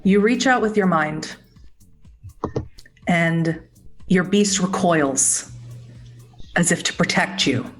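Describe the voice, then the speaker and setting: A woman narrating a tabletop horror game as game master, describing scenes in a measured way. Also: on the low side, faint music behind, low-quality recording.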